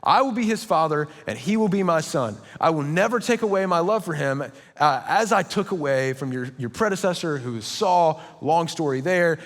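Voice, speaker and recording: Young male pastor, a bit high-pitched, story-driven and self-mocking, ringing hall. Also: expressive, normal speed, few pauses. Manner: storytelling with playful asides and self-mocking humor. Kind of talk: sermon. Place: church hall. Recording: long church hall reverb.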